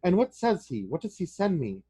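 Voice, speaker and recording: A man's voice: sits high, big pitch swings, moderate pace, warm tone, slightly rough, no echo, voice pushed up, full character voice. A man voicing an anxious, kindly elderly banker in a storybook reading, asking eager questions in a slightly raised voice.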